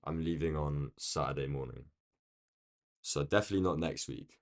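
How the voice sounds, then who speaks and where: A man with a London accent chatting casually on a live stream, rambling along and answering viewers' comments from a quiet room. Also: rumbling low, moderate pace. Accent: London English. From United Kingdom. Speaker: day-trading live streamer.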